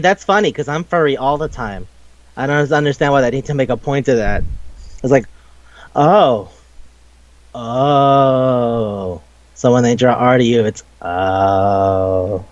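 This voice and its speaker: A young man co-hosting a casual game chat, animated and swearing, often acting out game dialogue. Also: on the high side, no room sound. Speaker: podcast co-host. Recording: dry, muffled lo-fi mic.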